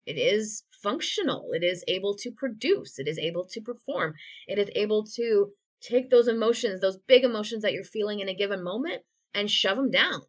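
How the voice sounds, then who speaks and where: A woman co-hosting a podcast from home over a video call. She sits at an ordinary middle pitch, and her talk is earnest and reflective, with a dry sarcastic streak. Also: expressive, fairly quick. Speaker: podcast co-host. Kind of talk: candid conversational podcast talk.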